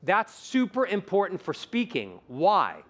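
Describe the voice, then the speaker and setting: Animated male voice coach. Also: high-pitched, a little slow. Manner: animated, demonstrates vocal examples, playful. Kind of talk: conference talk with audience exercises. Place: conference stage.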